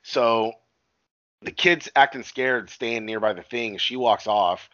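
A man's voice: medium pitch, slow pace, sharp tone, no echo, dull audio. A man in casual chat, retelling a movie plot with lots of swearing and acted-out quotes. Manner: profane, rambling storytelling with acted-out quotes. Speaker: podcast co-host recapping a movie.

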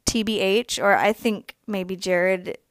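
A woman's voice: medium pitch, steady tone, slow, no room sound. A young woman co-hosting a podcast, ranting emphatically in a heated personal monologue, swearing freely. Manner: emphatic, swears freely, laughs between points. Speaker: podcast co-host.

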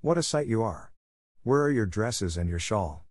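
A man voicing an impatient aunt who scolds a child in an excited, reproachful way. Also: fairly low pitch, normal speed, no room sound, clean studio sound, natural voice. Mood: scolding. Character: shrill scolding middle-aged aunt, impatient woman.

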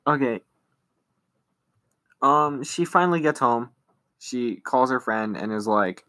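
A man's voice: mid-range voice, slow pace, pauses often. A young man in casual conversation, walking through an episode scene by scene. He keeps an easygoing tone and breaks into exaggerated voices to act out what the characters say. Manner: lively retelling, acting out lines in silly voices. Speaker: podcast co-host. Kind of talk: casual recap chat.

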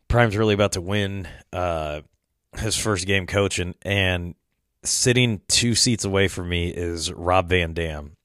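Man, podcast host, lowish voice, dry close sound, rambling, profane, laughs mid-story. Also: a little slow, fairly bright tone, smooth, dry recording. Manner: rambling, swears often, laughs mid-sentence. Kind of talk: casual storytelling chat.

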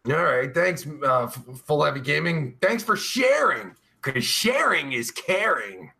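A man talks casually on a live stream in a high, bouncy voice that swings all over. His tone is bright and sharp, and his talk is rambling and crude, heavy with filler words and swearing. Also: big pitch swings, creaky. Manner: drawn-out groaning sighs of pleasure. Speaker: live-stream show host reading chat.

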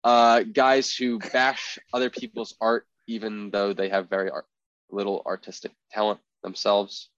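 A man's voice: on the low side, flat delivery, measured pace, fairly bright tone, no room sound. A young man co-hosting a podcast, talking in a casual, rambling way with lots of filler words. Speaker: podcast co-host. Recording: dry, slightly dull podcast audio.

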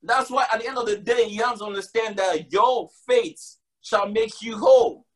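A man's voice: high-pitched, lively intonation, moderate pace. A man preaching a sermon, emphatic and repetitive, mixing casual slang with scripture. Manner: emphatic, repeats lines for stress.

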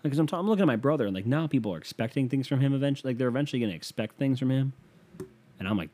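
A young man podcasts solo from his bedroom in a rambling, profane, self-mocking monologue. His medium-pitched voice is mellow, with lively intonation and a rapid-fire delivery.

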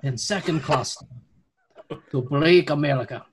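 A man doing a slow, theatrical impression of a scheming Russian president, in a Count Dracula manner. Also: on the high side, a little hiss or hum.

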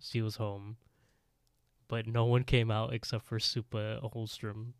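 Male co-host, casual recap, animated storyteller; low voice, dry close sound. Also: measured pace, clear, resonant tone, no echo. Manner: animated storytelling, laughs often. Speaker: podcast co-host.

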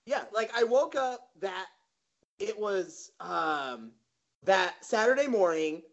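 A young man in his twenties slowly recalling an old weekend for friends, hesitating with many ums. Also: high-pitched, expressive. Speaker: podcast co-host. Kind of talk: casual storytelling among friends. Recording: muffled lo-fi podcast audio.

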